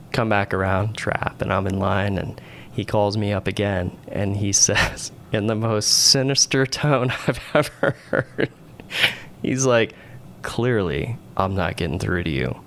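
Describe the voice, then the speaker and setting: A man with a very low, gravelly voice tells a story in a relaxed, rambling way. He is a naval aviator guesting on a podcast and keeps checking in with "right?". A faint hiss sits under the voice. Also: takes it slowly. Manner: rambling, conversational, frequent "right?" tags. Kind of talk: casual storytelling interview.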